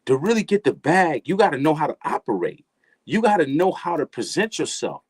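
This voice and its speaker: His voice is a little high and slightly rough, swinging widely in pitch at a slightly quick pace, with no echo. This middle-aged guest gives a casual motivational talk, preaching emphatically in street slang and repeating phrases for emphasis.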